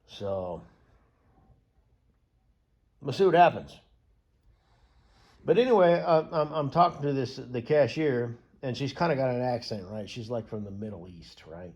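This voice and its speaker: A young man from the US rambles through a casual story, swearing freely and circling back on himself. His voice is husky and a little rough, pitched in an ordinary middle range. He keeps stalling and restarting mid-sentence. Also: lively intonation, unhurried, long pauses, darkish tone, dull audio. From United States. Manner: profane, digressive, many fillers and restarts.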